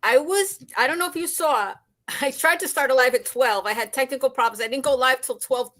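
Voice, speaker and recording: Bright, high, gushing woman guest. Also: a little fast. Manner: gushing, excited, rambling. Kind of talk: casual live-stream chat.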